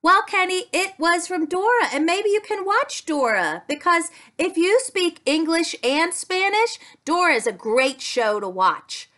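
A woman speech-language pathologist leads a playful lesson for children. Her voice is very high and bright. She speaks slowly in an animated, sing-song, exclamatory way.

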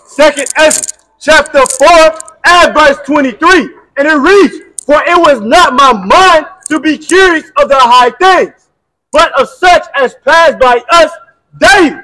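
A man reading scripture aloud in a plain, steady way and repeating phrases when prompted. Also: very high voice, unhurried, poor audio. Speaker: scripture reader.

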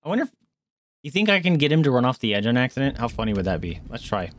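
A man streaming a game live, commentating excitably, swearing freely and taunting the enemies on screen. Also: mid-range voice, racing, no echo.

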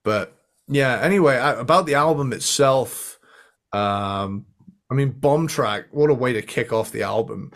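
With an unhurried, mid-range, fairly bright voice, this podcast co-host chats enthusiastically and casually, swearing often and humming bits of guitar riffs.

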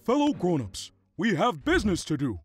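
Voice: mid-range voice, huge pitch swings, normal speed. Bossy cartoon pet leader. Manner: self-important, playing grown-up. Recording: music playing underneath.

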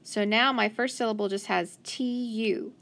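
A woman's voice: a little high, steady tone, a bit bright. A woman teaching a children's phonics lesson, patiently sounding out syllables and praising answers. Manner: slow, patient, sounding words out. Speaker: reading teacher.

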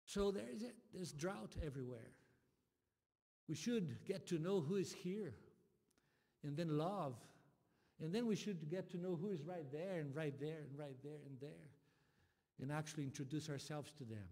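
A man preaching a sermon as pastor, speaking with passion and moving from soft, quiet lines to loud, rising appeals. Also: on the high side, moderate pace. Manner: impassioned, swings from soft to loud. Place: church sanctuary. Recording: long hall reverb.

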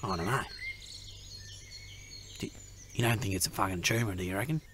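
A man's voice: low-pitched, moderate pace, noisy background, lightly acted. A man voicing a paranoid, constantly swearing bogan camper in an adult cartoon. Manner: paranoid, swears constantly, swings from whisper to yelling. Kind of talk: adult animated comedy voice acting.

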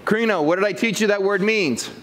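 A man preaching a verse-by-verse sermon as pastor, animated and jokey, acting out the people in the text. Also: high-pitched, a little fast. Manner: animated, jokey, acts out quotes.

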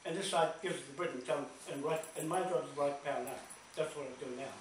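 A man's voice: a little high, fast. A man telling stories at a community meeting, emphatic and repetitive, laughing between points. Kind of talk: animated storytelling talk. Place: large meeting hall. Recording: echoey room from far off, faint noise.

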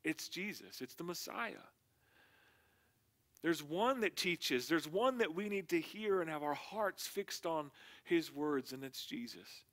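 A man's voice: a little high, animated, a little slow, fairly bright tone. A male pastor giving a casual, conversational sermon with slangy asides.

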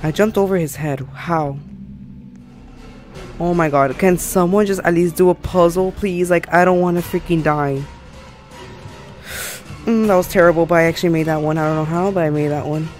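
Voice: mid-range voice, steady tone, moderate pace, pauses often, a little mellow, soft background music. A gaming channel host giving live gameplay commentary in a jumpy, panicky way, exclaiming often.

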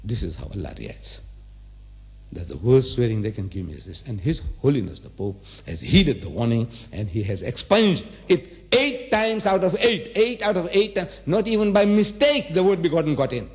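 A man's voice: on the high side, sing-song, moderate pace. Man in his seventies, religious lecturer, emphatic, repeats himself, rhetorical questions. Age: 70s. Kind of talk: public lecture to a live audience.

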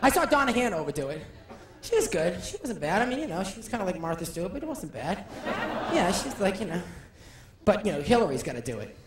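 Camp, animated stand-up comedian man. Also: high voice, a crowd in the background, noisy background. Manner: camp, animated, rapid asides. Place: live comedy venue. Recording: echoey live room with audience.

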